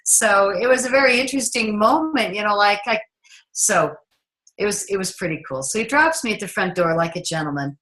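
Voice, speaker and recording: A middle-aged woman filmmaker telling a story in an interview, lively and acting out the dialogue. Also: mid-range voice, fairly quick, poor audio. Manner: animated, acts out the dialogue in her stories.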